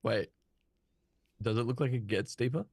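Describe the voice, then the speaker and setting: Sweary joking player on a headset. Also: male voice, medium pitch, moderate pace, gravelly, darkish tone, dry recording, clean studio sound. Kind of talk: casual banter in a tabletop game.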